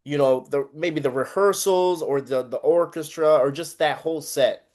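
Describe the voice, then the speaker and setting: A man's voice: on the high side, moderate pace, darkish tone. A man hosting an interview, asking questions with encouraging enthusiasm. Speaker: interviewer, host.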